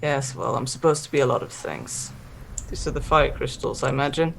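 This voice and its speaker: Guy player in a tabletop game, gravelly voice, dry cool menace, faint hiss. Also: mid-range voice, a little fast. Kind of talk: in-character tabletop play.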